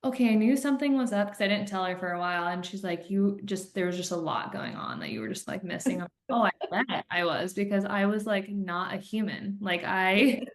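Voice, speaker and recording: A woman's voice: medium pitch, fairly quick, hardly any pauses. Woman host, 30s, chatty storyteller; echoey room. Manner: chatty, animated storytelling with laughs. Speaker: podcast host and coach. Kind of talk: casual podcast chat. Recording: roomy echo.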